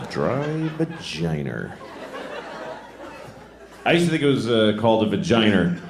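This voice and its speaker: Brief: fifties stand-up comic from Boston, lively pitch, stage mic in an echoey club, audience roaring and background noise. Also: male voice, very fast, crowd noise. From Boston, USA. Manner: conversational, self-mocking, rambling riffs. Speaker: stand-up comedian. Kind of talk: live stand-up comedy. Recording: roomy club with audience laughter.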